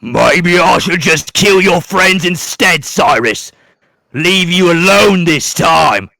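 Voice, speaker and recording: In a live tabletop game, a man doing a cruel knight villain who mocks and taunts his foe. He drags his words out slowly and bellows them, bright and sharp. The sound is close and dry. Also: high-pitched, lively intonation, gravelly, no echo, exaggerated voice. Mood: menacing. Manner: loud, taunting, slow drawl with shouts. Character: gloating villainous male knight, cruel and mocking.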